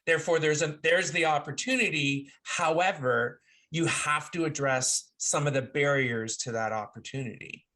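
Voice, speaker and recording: Animated, playful man co-hosting. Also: a little high, normal speed, few pauses. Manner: animated, playful, thinks aloud with restarts. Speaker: podcast co-host. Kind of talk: casual conversational podcast.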